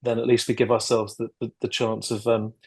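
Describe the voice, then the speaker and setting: A man chats as a podcast guest over a video call, thinking aloud with hesitant restarts and the odd throat clear. His voice sits at a middle pitch for a man. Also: monotone, a little fast, a little mellow. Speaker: guest filmmaker and actor. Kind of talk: casual interview chat.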